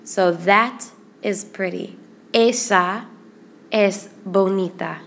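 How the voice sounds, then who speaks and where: A woman teaching a Spanish grammar lesson in English, explaining patiently and repeating word lists slowly. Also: medium pitch, gravelly, a little hiss or hum.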